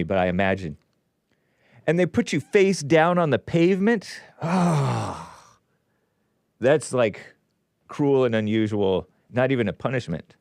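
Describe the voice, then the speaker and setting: Animated sarcastic male host, dry mic. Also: mid-range voice, no room sound. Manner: sarcastic asides, animated ups and downs. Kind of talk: casual commentary reading news aloud.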